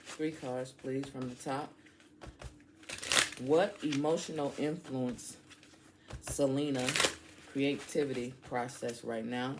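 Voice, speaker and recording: A woman's voice: a bass voice, fairly even intonation, takes it slowly, long pauses, heavy background noise. A woman giving a casual spoken tarot reading. She is outspoken and slangy, and she talks straight to her listeners. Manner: chatty, addresses listeners directly. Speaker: tarot reader.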